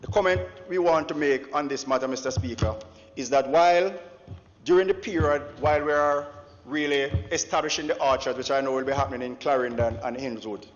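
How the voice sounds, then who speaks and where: A man's voice: medium pitch, fairly quick. A Jamaican man, an opposition member of parliament, delivering a formal, declamatory speech and often addressing the Speaker. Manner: declamatory, punctuates with "Mister Speaker". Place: large parliament chamber. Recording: dull echoey chamber broadcast audio.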